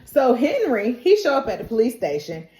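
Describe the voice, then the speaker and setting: Expressive woman recapping a show. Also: fairly high pitch, moderate pace. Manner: lively, colloquial, reacts loudly. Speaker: TV recap YouTuber. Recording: roomy echo.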